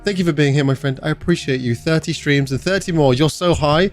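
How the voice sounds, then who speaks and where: A young British man with a slightly high voice, upbeat and chatty as he hosts a livestream from his bedroom. He greets viewers one by one in a relaxed, joking tone, with soft music playing faintly behind him. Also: a little fast. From United Kingdom. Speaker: streamer. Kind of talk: casual livestream chat. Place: bedroom streaming setup.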